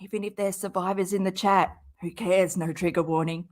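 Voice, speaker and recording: A woman's voice: lowish voice, fairly even intonation, normal speed. A woman streaming a reaction to a clip, talking in sarcastic, exasperated commentary with some swearing while she has a cold. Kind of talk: angry commentary over a clip.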